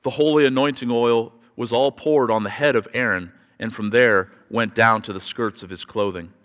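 A man preaching a sermon, telling a family story in a chatty, halting way, with repeated words and restarts, and growing louder when he gets excited. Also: medium pitch, lo-fi sound. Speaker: pastor. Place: church sanctuary. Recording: reverberant church hall.

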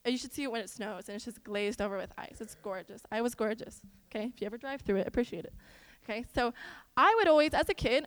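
A young woman from Iowa giving a chatty church lesson in an animated way, with stories and asides to the listeners. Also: high-pitched. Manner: animated, talks straight to the audience with asides. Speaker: church speaker. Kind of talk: chatty sermon with storytelling. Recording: long hall reverb.

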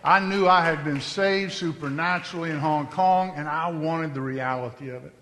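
A man's voice: on the high side, normal speed, bright, forceful tone, big-room sound. A man telling his testimony from the pulpit in an earnest, conversational storytelling manner. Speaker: preacher giving his testimony.

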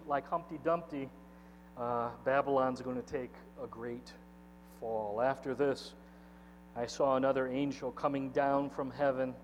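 A man preaching a sermon as pastor, opening with a prayer and building to loud, impassioned peaks. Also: medium pitch. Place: church sanctuary. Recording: faint mains hum, long church reverb.

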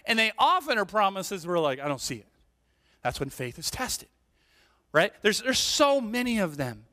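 Man, pastor, high voice, expressive storytelling, long hall reverb. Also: normal speed. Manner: animated storytelling, playful asides, rhetorical "right?". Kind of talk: sermon. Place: church sanctuary.

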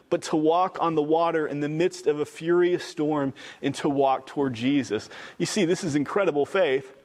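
Casting: man preaching, emphatic and repetitive, slightly high voice, long reverb. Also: a little mellow. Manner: emphatic, repetitive, conversational storytelling. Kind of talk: sermon. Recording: echoey hall reverb.

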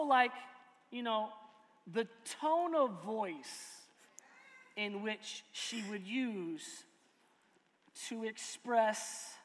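A man co-hosting a casual chat as a pastor, animated and storytelling with loud bursts. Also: high voice. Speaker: pastor and co-host. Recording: long hall reverb.

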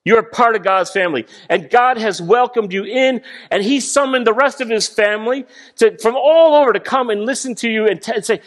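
A man preaching a sermon, animated, acting out voices as he explains a passage. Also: extremely high pitch, fairly quick, few pauses. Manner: animated, acts out voices of God and people. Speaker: guest preacher.

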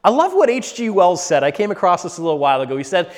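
A man delivers a sermon in a noticeably high voice. He swings between fervent, loud exhortation and soft, hushed retelling of scripture. His voice rings out with a long reverb, as in a church sanctuary. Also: sing-song, quick pace, few pauses. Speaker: preacher.

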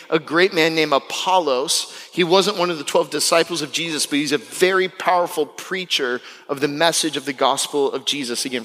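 A young man from Florida preaching a sermon as pastor, animated and acting out the people he quotes. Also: in a large hall. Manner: animated, acts out quotes with big pitch jumps. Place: church sanctuary.

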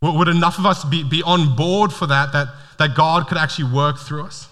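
A bright, forceful man preaching to his church, earnest and stumbling over the first words of his sentences. His voice rings through a church hall with a long reverb trailing after it, picked up on a stage mic. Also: on the high side, fairly even intonation, a little fast. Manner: earnest, repeats words when starting sentences. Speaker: pastor. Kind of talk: sermon.

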